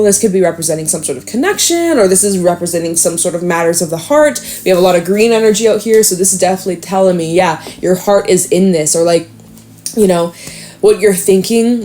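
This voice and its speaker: Young woman, tarot reader, low-pitched voice, chatty, filler-heavy, upbeat. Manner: chatty, upbeat, lots of fillers, acts out voices with loud high bursts. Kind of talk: casual tarot reading monologue.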